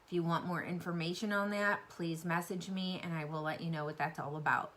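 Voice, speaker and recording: A middle-aged woman talks casually to her camera about makeup, lively and chatty. She drifts through ums and asides, then jumps up in pitch when something gets to her. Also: brisk, a little hiss or hum. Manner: chatty and animated, with many fillers. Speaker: beauty vlogger and sales rep.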